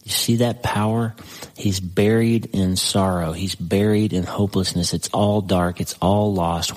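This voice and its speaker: A man preaching a sermon, reading scripture aloud slowly with dramatic pauses and breaking into conversational asides to the listener. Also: sits low, fairly even intonation, darkish tone, rough recording.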